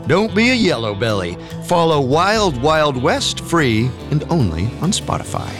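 A male announcer reading a promo with punchy, showy emphasis. His pitch moves widely, and guitar music plays clearly behind him. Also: sing-song, unhurried. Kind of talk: promo read.

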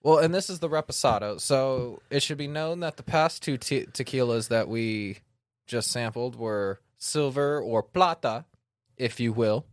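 A man chatting casually as a co-host, relaxed and joking with a loose tongue. His voice sits mid-range and sounds close and dry, with no room around it. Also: medium pitch, measured pace, dry recording. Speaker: co-host reviewing tequila. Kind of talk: casual chat.

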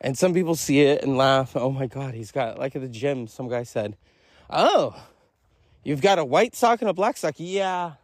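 A man's voice: medium pitch, a little mellow, no echo, clean studio sound. A man hosting a solo podcast, rambling through a casual monologue with self-amused, profane asides. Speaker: podcast host.

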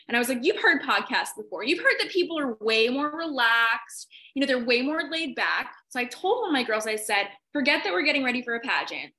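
A young woman chatting as a podcast guest, telling pageant coaching stories with enthusiastic, animated energy. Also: high voice, brisk, hardly any pauses. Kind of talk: casual podcast chat.

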